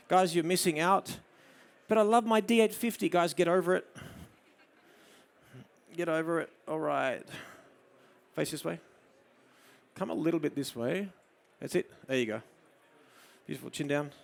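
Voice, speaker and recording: A man with an Australian accent giving a live photography demo, explaining his camera settings and coaxing a model with soft murmured praise. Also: fairly high pitch, normal speed, creaky, pauses often. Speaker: photography presenter. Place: studio demo before an audience.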